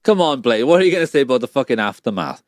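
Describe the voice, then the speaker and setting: A man's voice: medium pitch, sing-song, racing, no echo, clean studio sound, faint music behind. A man co-hosting a podcast, swearing and mocking as he reacts to a documentary in casual chat. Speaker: podcast co-host.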